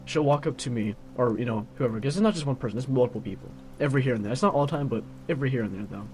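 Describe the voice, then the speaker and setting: A man's voice: medium pitch, rapid-fire, a little mellow, a little hiss or hum. Grumbling teen guy rambling with filler. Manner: grumbling, filler-heavy with constant "like". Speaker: vlogger. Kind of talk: casual rambling monologue.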